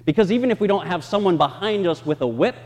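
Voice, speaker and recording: A man preaches a sermon in a church, acting out the people and voices he quotes. His voice sits a little high and swings widely in pitch. A long reverb from the sanctuary trails each phrase. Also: fast. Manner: expressive, acts out quoted voices. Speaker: pastor.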